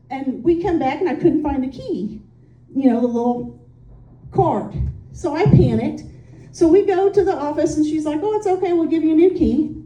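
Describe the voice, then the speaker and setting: A woman's voice: high-pitched, warm tone, lo-fi sound. A woman from Indiana doing stand-up, telling stories in a chatty, self-deprecating way with lots of "um"s. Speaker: stand-up comic. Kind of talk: stand-up comedy set. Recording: echoey room, voice from a distance.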